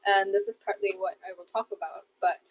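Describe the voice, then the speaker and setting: Casting: woman from the Philippines, keynote speaker, measured lecturing delivery, video call. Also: medium pitch, steady tone, husky, low-quality recording. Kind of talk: prepared talk.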